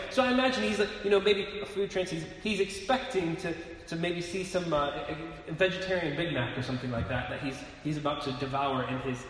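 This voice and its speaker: A man preaching a sermon in a conversational way, asking rhetorical questions and often restarting his words, in a church hall. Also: on the high side. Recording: echoey hall with long reverb, faint noise.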